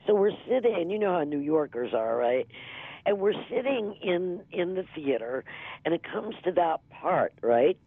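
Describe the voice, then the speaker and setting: A middle-aged woman reminisces as an interview guest, her voice husky and gravelly. She rambles, laughing and leaning on fillers. She comes through a dry, tinny phone line. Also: fairly low pitch, sing-song, moderate pace. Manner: rambling, laughs often, many "you know" fillers. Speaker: interview guest, former music TV veejay. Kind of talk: casual interview storytelling.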